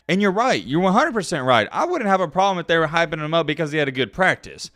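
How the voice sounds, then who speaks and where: A man's voice: a little high, sing-song, fast, hardly any pauses, a bit bright, dry recording, studio quality. Emphatic young man ranting to camera. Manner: emphatic, sarcastic, talks straight to viewers. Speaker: sports commentary YouTuber. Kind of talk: energetic opinion rant to camera.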